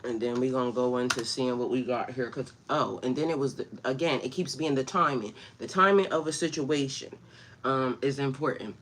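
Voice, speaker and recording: A woman's voice: extremely low pitch, brisk, slight background noise. A woman spiritual coach talking casually on a livestream, laughing often and greeting her viewers by name. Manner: loose, chatty storytelling.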